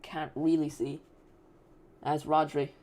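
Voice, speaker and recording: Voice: medium pitch, level tone, unhurried, darkish tone. A host giving rambling, casual live commentary on a football match and chatting directly to viewers. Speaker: football watch-along streamer.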